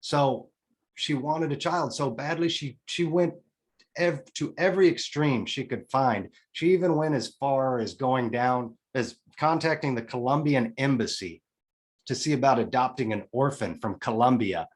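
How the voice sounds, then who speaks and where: A man's voice: medium pitch, moderate pace. A man in his forties, a podcast guest telling a personal story in a candid, emotional way, with casual swearing and restarts. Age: 40s.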